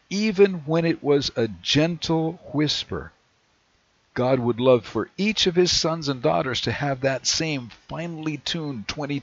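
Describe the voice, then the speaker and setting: A man preaching a sermon in a measured way, slowing down whenever he reads scripture aloud. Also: on the high side. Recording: dry, dull lo-fi recording.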